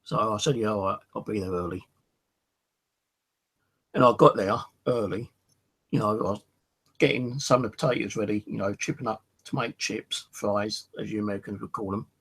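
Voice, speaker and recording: A man's voice: lowish voice, steady tone, a little fast, gravelly, a bit bright, husky. A middle-aged British man telling a personal story in a casual, rambling way, swearing freely and often saying "you know". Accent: British English.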